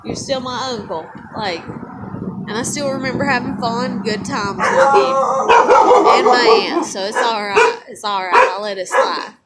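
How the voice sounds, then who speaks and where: Woman vlogger, high voice, profane rambling rant to camera, noisy room. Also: expressive, measured pace. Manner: profane, rambling, swings between bitter and teary. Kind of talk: drinking and ranting to camera.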